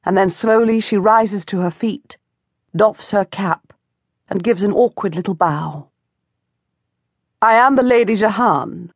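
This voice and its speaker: A woman narrating a historical novel in first person, measured and expressive, close to the mic. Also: lowish voice, dry recording. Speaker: audiobook narrator. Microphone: close studio mic.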